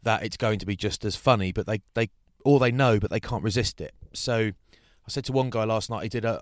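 A chatty man with a fairly low voice tells rambling stories in a casual chat. The close, dry sound leaves no room echo. He mimics other people now and then. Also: fast, few pauses. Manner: chatty, rambling, does mocking voices for hecklers. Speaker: rugby broadcaster and podcast co-host.

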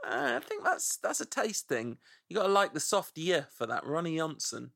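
A man's voice: on the high side, huge pitch swings, moderate pace, creaky, a bit bright, no room sound, studio quality. A man hosting a podcast in casual chat, playfully savoring the sound of names as he reads out suggestions. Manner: playful, relishes saying names aloud. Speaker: podcast host.

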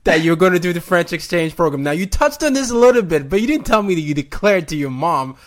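A man from Nigeria hosting an interview, enthusiastic and quick to laugh and exclaim. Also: sits high, sing-song. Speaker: host. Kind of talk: casual interview chat.

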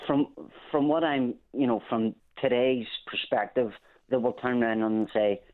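A man from England calling in to a radio show, speaking earnestly and haltingly with many restarts. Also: mid-range voice, fairly even intonation. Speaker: caller. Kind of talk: phone-in call. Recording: phone line.

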